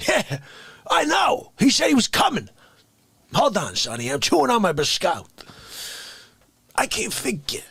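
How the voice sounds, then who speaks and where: A gravelly, hoarse older Bronx tough guy, hissing menacing questions that break into high shouts. The voice swings wildly up and down, sitting strangely high for a man. The recording is dry and close. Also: wildly swooping pitch, measured pace, long pauses, no room sound, heavily acted. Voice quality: raspy, hoarse whispering, sudden shouts. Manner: menacing interrogating rants. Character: raspy older male Bronx tough guy demanding respect.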